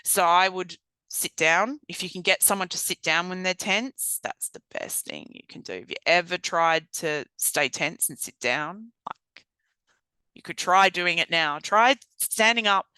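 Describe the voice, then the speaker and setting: Female trainer, recorded talk; clear resonant voice, dry and close, casual teaching manner. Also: lowish voice, dry recording, low-quality recording. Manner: conversational, repeats calm validating phrases. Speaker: trauma-informed practice trainer. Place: recorded alone for online viewers.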